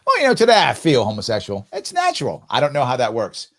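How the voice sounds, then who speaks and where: A middle-aged man hosting a live stream, thinking out loud as he answers quiz questions, often stopping to rephrase himself with a laugh. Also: medium pitch, huge pitch swings, quick pace. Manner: musing aloud, frequent self-interruptions and laughs. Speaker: show host.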